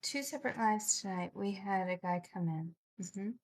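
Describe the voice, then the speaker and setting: A woman's voice: mid-range voice, normal speed. A woman hosting a casual late-night live stream, chatting with viewers and answering their comments, laughing often. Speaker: livestream host.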